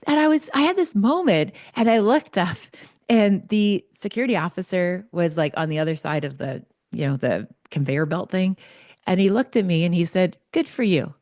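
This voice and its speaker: A woman host telling a personal story in an animated, chatty way, peppered with "like". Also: lowish voice, moderate pace, no echo, clean studio sound. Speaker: podcast host, psychologist.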